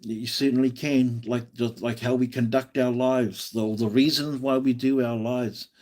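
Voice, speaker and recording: A man's voice: mid-range voice, steady tone, unhurried, darkish tone. Aussie guy chatting on his live stream, giving pep talk advice, kinda rambly. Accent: Australian. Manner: encouraging, rambling, with restarts. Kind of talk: casual live stream chat.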